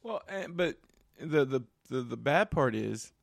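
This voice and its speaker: A man's voice: medium pitch, unhurried, vocal fry, no echo. A man with a mid-range voice tells stories in a casual chat, often repeating words as he restarts, then picking up speed. The sound is dry and close. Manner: stammering restarts, animated when telling stories. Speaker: podcast co-host and parent.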